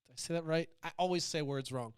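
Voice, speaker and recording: A man's voice: fairly high pitch, fast, clear, resonant tone. A man hosting a show, delivering a blunt, profane political rant that wanders off on tangents and sets out to provoke. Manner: blunt, provocative, swearing freely, goes off on tangents. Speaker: podcast host.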